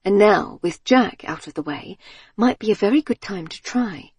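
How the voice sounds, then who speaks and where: A woman narrating a novel in a calm, even storytelling manner. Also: mid-range voice, normal speed, husky, no room sound, studio quality. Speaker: audiobook narrator. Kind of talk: scripted narration.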